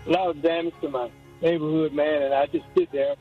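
An older man from Georgia phones in to a radio show, talking earnestly and rambling through restarts. His voice sits a little high. The line sounds muffled and lo-fi, with faint music behind him. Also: sing-song, fairly quick, gravelly, slightly rough. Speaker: caller. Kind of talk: call-in radio talk.

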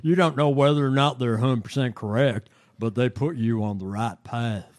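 Man putting on a slow folksy Southern drawl, senator impression, loud. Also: mid-range voice, natural voice. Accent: American South.

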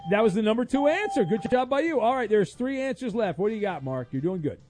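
High-voiced joking radio host. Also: male voice, animated, fast talker, a little mellow, soft background music. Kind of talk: radio call-in game show.

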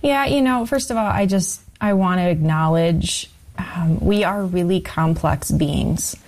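A woman co-hosting a faith radio show, offering encouragement in a measured, reflective way. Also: lowish voice, a little mellow.

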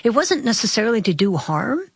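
A woman's voice: a little high, very animated, a little fast, breathy edge, no room sound. A woman guest on a radio discussion, explaining things in a chatty way with frequent restarts. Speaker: guest commentator.

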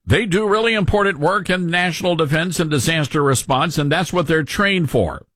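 A man's voice: a little high, moderate pace, a bit bright, no room sound. A man hosting a talk radio show, giving mocking, sarcastic commentary into a studio microphone.

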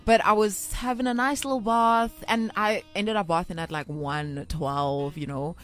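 A woman hosting a radio show in casual, chatty style. Her voice sits at a middle pitch and she tells stories with lively energy. Soft music plays faintly behind her. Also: normal speed. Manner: chatty, animated storytelling. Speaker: radio host. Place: radio studio.

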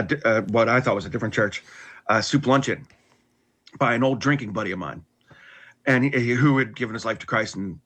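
A man's voice: medium pitch, a bit bright, husky. A middle-aged man candidly telling a personal story in casual conversation, with restarts and wry laughs.

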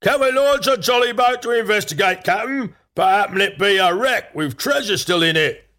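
A man doing a squeaky excited pirate crew. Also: moderate pace. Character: excited rowdy pirate crew, keen for treasure.

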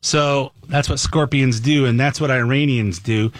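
A man's voice: mid-range voice, a little slow, no echo. A man hosting a talk show, giving conversational, opinionated commentary into a studio mic.

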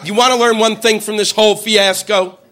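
Male stand-up comic, high and lively, bright forceful voice. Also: normal speed, slight background noise. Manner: animated, shouts quoted voices, profane. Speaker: stand-up comedian. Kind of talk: stand-up routine.

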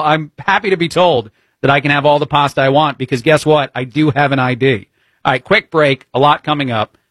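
A man's voice: fairly high pitch, fairly bright tone, no room sound. A man with a New Jersey accent, hosting talk radio as a fill-in host. He speaks in an opinionated, wry, conversational way with frequent fillers.

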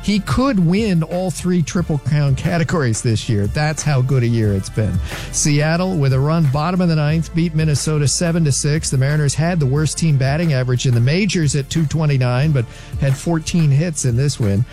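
A man with a slightly high voice reads a sports news update in a brisk, fact-by-fact manner. He moves steadily through scores and stats, and faint music plays underneath him. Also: mellow.

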